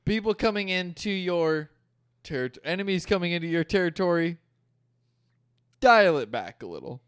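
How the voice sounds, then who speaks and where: A man's voice: high voice, expressive, moderate pace, a bit bright, smooth, dry recording, clean studio sound. A young man co-hosting a podcast in casual chat, laid-back, swearing freely and laughing things off. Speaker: podcast co-host.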